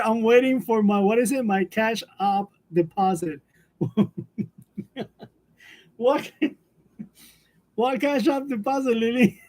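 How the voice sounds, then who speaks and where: A man's voice: sits high, darkish tone. A man hosting a casual live chat with his viewers, telling stories loosely and chuckling between nearly every sentence. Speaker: livestream host of a graphic design channel. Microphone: wireless lavalier.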